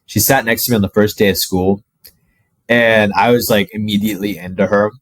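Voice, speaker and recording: A man's voice: fairly low pitch, brisk, no room sound, rough recording. Casual young man telling a story. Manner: casual, animated, heavy filler "like", swears. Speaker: dating coach.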